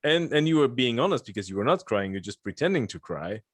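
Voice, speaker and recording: A man's voice: mid-range voice, very animated, fast talker, dry recording, clean studio sound. A man from Lithuania hosting a podcast, chatting casually and joking, rambling with frequent restarts. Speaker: podcast host. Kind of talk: casual chat.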